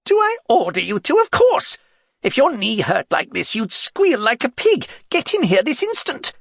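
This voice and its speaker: A shrill, petulant old king barks orders in a very high, swooping voice, as a male narrator puts him on. The tone is gravelly and husky, and the recording is dry and close. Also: wildly swooping pitch, unhurried, a bit bright, dry recording, heavily acted. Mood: petulant, demanding. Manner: whiny, demanding.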